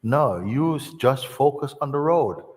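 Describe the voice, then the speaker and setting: A man voicing a calm, firm male driving instructor who speaks slowly and steadily. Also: medium pitch, long reverb tail, pitched above the performer's own voice, lightly acted. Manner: slow, steady, insistent.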